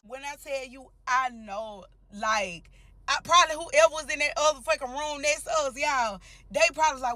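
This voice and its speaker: A woman's voice: high-pitched, expressive, normal speed, fairly bright tone. A young woman with a drawl tells her story casually and bluntly to viewers. She curses freely and keeps pulling the listener in with direct address. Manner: blunt, profane, talks straight to viewers.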